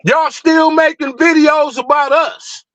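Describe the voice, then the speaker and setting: A man hosts a livestream with a very high-pitched, steady voice, speaking a little slowly with a fairly bright tone. He rants heatedly, blunt and profane, throwing out one rhetorical question after another. The recording is dry and low in quality.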